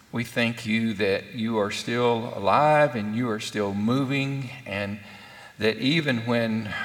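Man, pastor, conversational sermon, unhurried delivery, long church reverb. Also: lowish voice, a bit bright. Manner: conversational preaching with frequent fillers and rhetorical questions. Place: church sanctuary.

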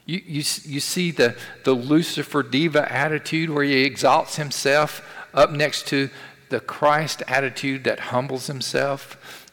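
A man's voice: medium pitch, fairly bright tone. A man preaching a sermon in a conversational way, asking rhetorical questions and repeating key phrases for emphasis. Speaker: pastor. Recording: long hall reverb.

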